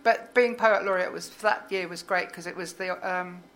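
A woman poet reading her poem aloud, then chatting as a guest in a halting way with frequent fillers. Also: on the low side, fairly even intonation, fairly bright tone, a little hiss or hum. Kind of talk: poetry reading and casual interview chat.

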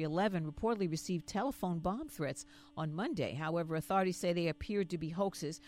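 A woman who reads the news on a morning radio show, greeting the hosts in a friendly way before she reads. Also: lowish voice. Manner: brisk friendly greeting then reading. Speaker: news reader.

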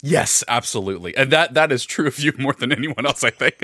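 Upbeat guy host, pitch bouncing all over, laughs a lot. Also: no echo, studio quality. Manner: animated, laughs often, restarts sentences. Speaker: podcast host. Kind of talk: casual podcast chat.

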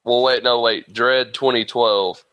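Profane joking man, bright voice. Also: mid-range voice, steady tone, a little slow, no room sound, poor audio. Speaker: quiz contestant. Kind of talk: casual banter.

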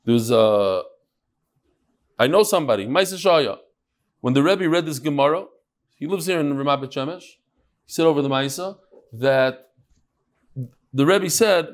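A middle-aged man teaching a daily Talmud class with lively storytelling and quick asides. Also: on the high side. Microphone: on Zoom.

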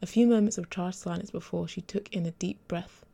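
A woman author reading her own story aloud in an even, measured audiobook narration. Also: lowish voice, vocal fry, slightly rough.

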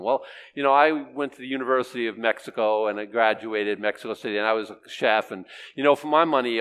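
An older man preaching a sermon, swinging between loud emphatic lines and quiet asides. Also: medium pitch.

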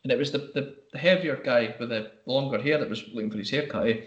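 A man's voice: medium pitch, fast talker, echoey room, lo-fi sound. A Scottish man in casual chat, telling stories with slang and laughter.

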